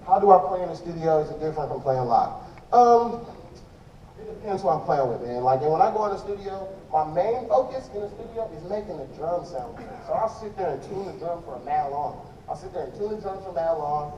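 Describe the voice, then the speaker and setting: A man with a high, mellow voice talks loosely to a crowd, full of slang and restarts. He is picked up from far off in a big echoey hall, and the sound is dull with faint crowd noise underneath. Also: lively intonation, fairly quick. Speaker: drummer answering audience questions. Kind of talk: casual stage talk to an audience. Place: large indoor event hall stage.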